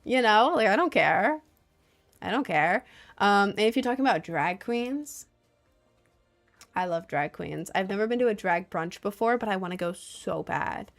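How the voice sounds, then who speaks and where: A young woman streamer chats casually with her viewers and reads their messages aloud. She rambles, fills her sentences with filler words and laughs often. Her voice sits at an ordinary, mid-range pitch. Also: expressive, moderate pace, gravelly, faint music behind.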